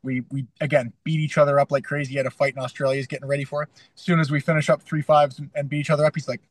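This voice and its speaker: Animated storytelling man, dry close sound. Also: on the high side, rapid-fire, dry recording, rough recording. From Canada. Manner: animated storyteller, acts out his own past lines. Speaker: UFC fighter and coach. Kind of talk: casual interview storytelling.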